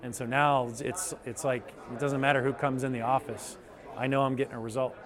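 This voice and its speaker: A man's voice: medium pitch, a little fast, a crowd in the background. A male chiropractor giving an enthusiastic testimonial, telling patient stories and acting out their reactions. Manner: enthusiastic, animated storytelling with quoted patients. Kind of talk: testimonial interview.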